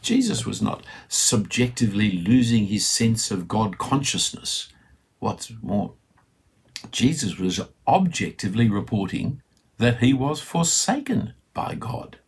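A man's voice: lowish voice, unhurried, creaky, breathy edge. A middle-aged man preaching a sermon in a conversational, storytelling way with light asides.

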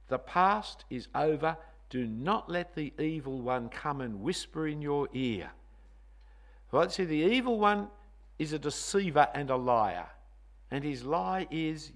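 A man's voice: on the high side, expressive, measured pace. A male preacher giving a sermon, conversational with teasing asides, hitting single words hard for emphasis.

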